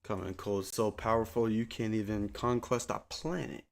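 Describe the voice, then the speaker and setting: A man streaming from a small home desk, chatting to viewers in a slangy, profane, rambling way into a desk mic, sometimes yelling at a friend. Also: fairly low pitch, fairly even intonation, moderate pace, creaky. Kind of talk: casual live-stream chat. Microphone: desk mic on a soundboard.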